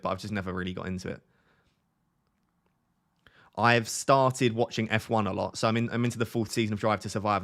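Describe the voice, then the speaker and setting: A man's voice: on the low side, fairly bright tone. A young man with a light Essex accent, answering viewer chat in a chatty, self-mocking way on a live stream. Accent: light Essex English. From Essex, England.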